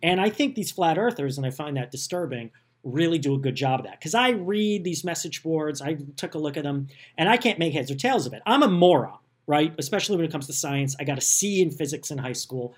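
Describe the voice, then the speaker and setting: Sarcastic animated man, slightly high voice. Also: a little fast. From United States. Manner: animated, sarcastic, self-deprecating. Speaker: podcast host. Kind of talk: casual political chat.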